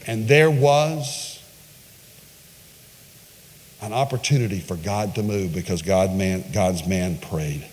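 A male pastor preaching a sermon, retelling a story with dramatic pitch swings and voiced quotes. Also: takes it slowly, pauses often, darkish tone. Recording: long reverb of a large hall.

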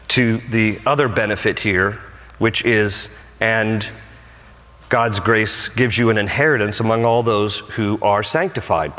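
A man preaching a sermon as pastor, emphatic and animated, repeating short lines for stress. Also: medium pitch. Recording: long hall reverb.

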